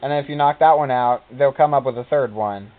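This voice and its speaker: A man's voice: medium pitch, quick pace. Man telling game stories over a tinny line. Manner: rambling storytelling, quoting characters in silly voices. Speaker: gameplay commentator. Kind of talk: casual gameplay commentary. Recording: tinny phone-like recording.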